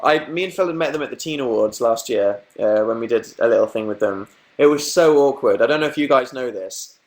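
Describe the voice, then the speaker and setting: A young man chatting casually on a livestream, telling stories, reading comments and laughing often. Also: brisk. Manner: chatty storytelling, acting out quotes in higher voices, laughing. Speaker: livestream host.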